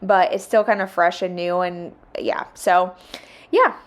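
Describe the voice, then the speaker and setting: A woman's voice: fairly low pitch, fairly even intonation, measured pace. A young woman, chatting casually in a home vlog while she cleans, laughing often and venting in exasperation. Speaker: vlogger.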